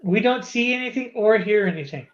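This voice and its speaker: A man with a high voice chats casually, stumbling and restarting his sentences and leaning on "you know." His sound comes through dull and lo-fi, like a remote caller's. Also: brisk. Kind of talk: casual chat.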